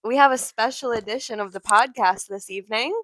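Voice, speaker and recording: A woman co-hosts a casual podcast from her home, her voice pitched a little high. She talks in a wry, joking way. The sound is close and dry. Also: brisk, a bit bright, no echo. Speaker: podcast co-host. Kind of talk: casual chat.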